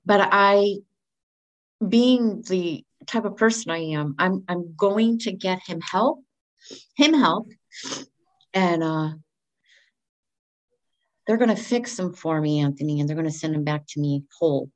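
Middle-aged woman guest, slightly low voice, open and expressive, acts out the voices in her story. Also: slow pace, pauses often. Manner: candid and expressive, acts out quoted speech. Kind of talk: personal storytelling in conversation.

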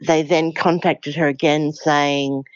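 Low-voiced woman, earnest. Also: level tone, takes it slowly, smooth, no room sound, highs cut off. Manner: earnest, upset retelling. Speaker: interviewee, daughter of a scam victim. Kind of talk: interview recollection.

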